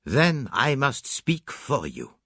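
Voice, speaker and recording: A man voicing a fussy, theatrical detective who speaks slowly and pointedly in an audiobook. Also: a little high, sing-song, fairly bright tone, no echo, clean studio sound, voice pushed up. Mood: probing. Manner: slow, deliberate, pointed.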